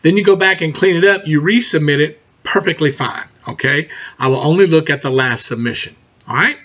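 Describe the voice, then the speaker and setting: A middle-aged man teaching a college writing class in a recorded lecture, talking fast and direct, often checking in with "okay?". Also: on the high side, a bit bright. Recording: dull lo-fi recording.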